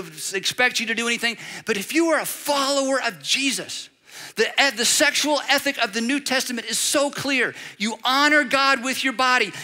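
A pastor preaching an animated sermon, driving points home through repetition and acted-out quotes. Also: male voice, very high-pitched. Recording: long reverb of a large hall.

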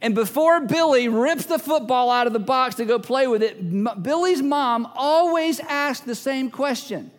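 A high-pitched man preaches in a large church hall, and his words ring out with a long reverb. He drives his points home by repeating key phrases. Now and then he slips into small acted-out scenes. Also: expressive, normal speed, few pauses. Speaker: pastor. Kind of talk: sermon.

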